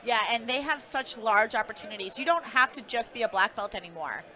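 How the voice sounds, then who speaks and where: A woman co-hosting a live fight preview show, with a high, bright voice. She talks in a casual, upbeat way and laughs often between points. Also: animated, brisk. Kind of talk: live sports talk.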